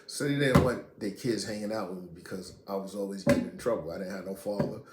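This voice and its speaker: A middle-aged man from Queens, casually telling a story in street slang and profanity, animated and blunt. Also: on the low side, fast talker. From Queens, New York. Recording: echoey room, faint noise.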